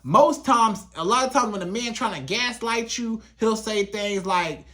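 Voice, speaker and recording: A man's voice: high-pitched, measured pace, hardly any pauses, fairly bright tone. A man working as a relationship coach, talking straight to the viewer in a casual advice monologue, repeating himself for emphasis and acting out quoted lines.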